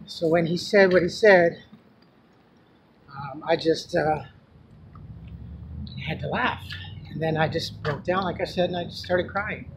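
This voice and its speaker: A man's voice: on the high side, measured pace, pauses often, background noise. A man talking emotionally in a casual personal vlog, rambling and restarting his sentences. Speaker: vlogger.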